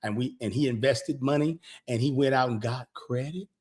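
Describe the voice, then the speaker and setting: A man vlogging, telling a casual story in an animated way, retelling conversations with lots of "I said, he said" and repeated words when he gets excited. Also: medium pitch, moderate pace.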